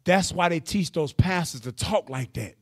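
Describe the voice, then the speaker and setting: A man teaching a Bible class in a lively, playful preaching style, drawing responses from the room. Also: fairly high pitch, moderate pace. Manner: animated, playful, calls on readers with "go ahead".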